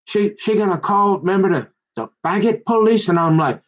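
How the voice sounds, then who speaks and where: A man with a fairly high voice, talking in a loose, slangy monologue that drifts from one story to the next. He keeps restarting his sentences and gets excitable along the way. The recording sounds a little dull and lo-fi. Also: brisk. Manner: rambling, jumps between topics, keeps restarting. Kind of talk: rambling monologue.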